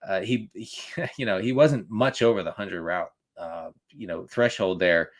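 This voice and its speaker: A man co-hosting a casual fantasy football podcast, talking with quick restarts, stammers and frequent laughs. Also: deep voice. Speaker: fantasy football analyst co-host.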